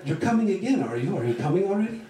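A man's voice: on the high side, expressive, brisk, darkish tone, lightly acted. A man voicing a smug, sleazy male film actor who taunts in broken English, during a story reading. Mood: taunting. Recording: roomy sound from a distant mic.

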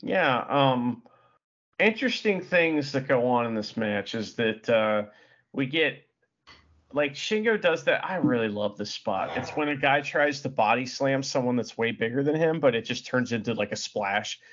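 A man's voice: medium pitch, animated, normal speed, fairly bright tone, muffled recording. A man co-hosting a podcast, rambling with many fillers and plenty of enthusiasm. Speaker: podcast co-host. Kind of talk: casual chat.

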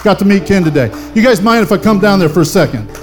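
Fervent older male preacher, high voice. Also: expressive, fast talker, darkish tone, faint music behind. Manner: fervent preaching with call-and-response. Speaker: pastor. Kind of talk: sermon.

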